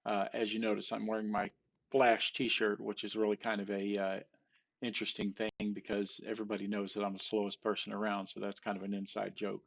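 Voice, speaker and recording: An older man tells groaners in a loose, halting way, with plenty of fillers and restarts and a shrug whenever he botches a punchline. His voice has a gravelly fry to it, and the recording sounds dull and lo-fi. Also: lowish voice, monotone. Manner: rambling, halting delivery with many fillers and restarts; self-deprecating, laughs off flubbed punchlines. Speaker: joke teller. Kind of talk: casual joke telling.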